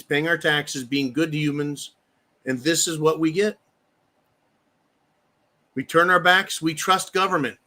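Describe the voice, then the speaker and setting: A man's voice: a little high, bright, forceful tone. A man hosting a live stream, angrily ranting with lots of profanity and reading viewer comments aloud. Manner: angry, profane, heated ranting. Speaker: livestream host. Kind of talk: live-stream political rant.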